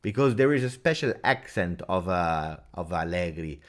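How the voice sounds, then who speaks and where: A man hosting a livestream Q&A, chatty and animated, talking straight to his viewers. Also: low-pitched, normal speed. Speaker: football fan channel host. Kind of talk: livestream Q&A chat.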